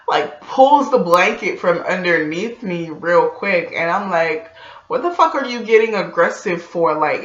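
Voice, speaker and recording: A nineteen-year-old woman telling a storytime vlog in a casual, profane, animated way, acting out the lines she quotes. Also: on the low side. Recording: echoey room, dull lo-fi audio.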